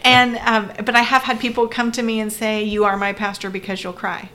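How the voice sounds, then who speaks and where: A woman's voice: medium pitch, flat delivery, a little fast, pushed and bright, a little hiss or hum. A woman, a pastor co-hosting a podcast, explaining earnestly and often checking in with "right?". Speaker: pastor and co-host. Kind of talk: conversational podcast discussion.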